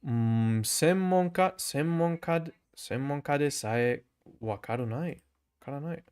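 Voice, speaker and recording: A man's voice: a little high, unhurried, darkish tone, clear, resonant tone. Chatty young man with a German accent. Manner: chatty, says bro a lot, laughs often, drills phrases aloud. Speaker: language learner livestreaming. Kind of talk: casual livestream chat reading comments. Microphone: camera mic.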